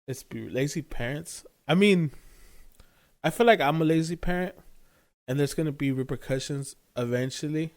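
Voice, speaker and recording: A man's voice: on the high side, moderate pace. A man co-hosting a casual podcast chat, rambling and hunting for words, often laughing. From California. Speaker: podcast co-host.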